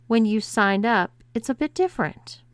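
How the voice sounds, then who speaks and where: A woman's voice: on the high side, expressive, moderate pace, no echo, voice pushed up, natural voice. A woman voicing a commanding cruise director. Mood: cool commanding. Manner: cool, controlled, menacing authority.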